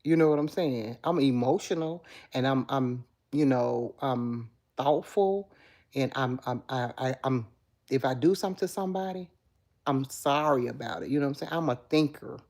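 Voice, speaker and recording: Chatty woman with a low, mellow voice. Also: moderate pace. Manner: chatty, affectionate, answers viewer comments. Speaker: livestream host. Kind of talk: casual live chat with viewers.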